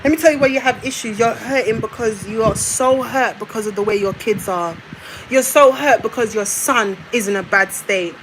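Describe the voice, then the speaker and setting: Woman ranting at her mum on camera, high voice, bit of background hiss. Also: moderate pace, poor audio. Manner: confrontational, repetitive, addresses her mother directly. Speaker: vlogger. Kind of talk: emotional rant to viewers.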